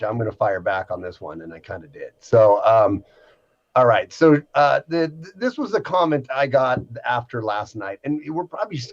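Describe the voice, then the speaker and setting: Animated man on a livestream. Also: medium pitch, dull audio. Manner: animated, indignant. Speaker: co-host. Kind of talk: casual livestream talk.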